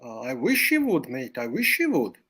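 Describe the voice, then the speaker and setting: A man's voice: mid-range voice, huge pitch swings, moderate pace, a crowd in the background. A man putting on a mock Australian accent, playing a put-upon son who tacks "mate" onto his lines. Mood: pleading. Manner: ends lines with "mate", pleading.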